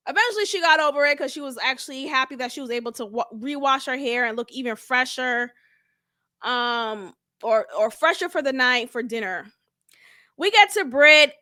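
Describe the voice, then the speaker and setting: A young woman with a high, bright voice recaps a reality show in a casual, sassy way. She is blunt and laughs in asides. The sound is dry and close. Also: no room sound. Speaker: reality TV reviewer.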